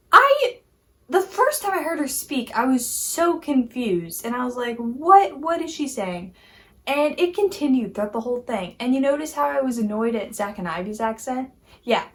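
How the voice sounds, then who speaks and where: A woman giving a casual, animated opinion rant as a YouTube commentator, exasperated and full of "like" fillers. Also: fairly high pitch. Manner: animated, exasperated, heavy use of "like".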